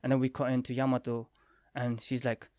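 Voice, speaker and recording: Excitable man reviewing a comic. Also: mid-range voice, no echo, clean studio sound. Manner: excitable, retells scenes with quick quoted lines and sound effects. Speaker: manga review vlogger. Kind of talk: casual spoken review.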